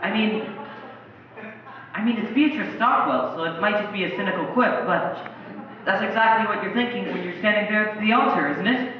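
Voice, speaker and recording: A man's voice: high voice, normal speed, muffled recording, a crowd in the background. Wry man, distant and echoey. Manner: wry, reflective. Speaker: narrator. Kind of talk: scripted monologue.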